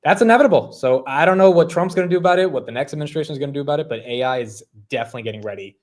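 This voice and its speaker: A man's voice: on the high side, racing. A man hosting a market show, reading headlines and chatting casually. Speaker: host. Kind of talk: market news chat.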